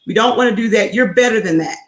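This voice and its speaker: A woman's voice: a little high, fast. Emphatic woman coach in an echoey room. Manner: emphatic and repetitive, drives points home with "okay?"; preachy, faith-based encouragement. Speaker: host and life coach. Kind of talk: live motivational talk to viewers.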